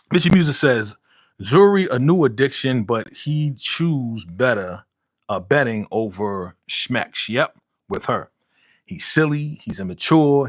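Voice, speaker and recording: A man's voice: mid-range voice, dry recording, studio quality. A man hosting a casual live stream, reading viewer comments aloud and ranting heatedly with laughs in between. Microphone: studio podcast mic.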